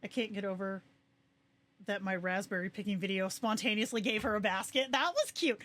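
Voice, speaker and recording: A young adult woman hosting a casual livestream, chatting excitedly and reacting to viewers with quick asides. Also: mid-range voice. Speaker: livestream host.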